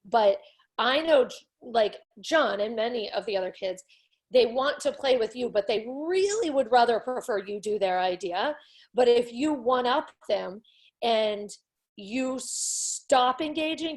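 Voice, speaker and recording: A woman coach giving a parent advice with confidence, acting out little examples as she explains. Her voice sits a bit high.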